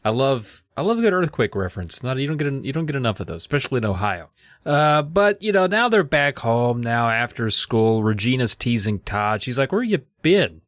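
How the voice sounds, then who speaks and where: A man's voice: mid-range voice, expressive, brisk, a bit bright, dry recording. A man co-hosting a comedy podcast, retelling a book chapter in a jokey, swearing, playful way. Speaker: podcast co-host. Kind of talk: casual comedic book recap.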